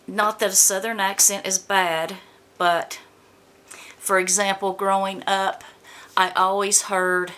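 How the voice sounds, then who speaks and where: Slow, gravelly, bright-voiced woman vlogger. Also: mid-range voice. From American South. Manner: chatty, stumbles over product names; reads product blurbs aloud. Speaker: beauty vlogger. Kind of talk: casual unboxing chat.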